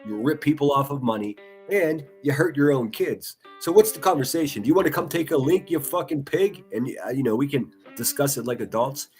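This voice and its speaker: A man's voice: mid-range voice, animated, a little fast, few pauses, darkish tone, faint music behind. A man giving profane, taunting live-stream commentary, laughing often as he mocks. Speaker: livestream commentator.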